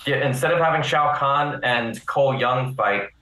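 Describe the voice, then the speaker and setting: A man chatting as a guest on a live panel stream, laying out his points calmly. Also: mid-range voice, normal speed, echoey room, rough recording. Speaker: guest YouTuber. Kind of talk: casual panel chat.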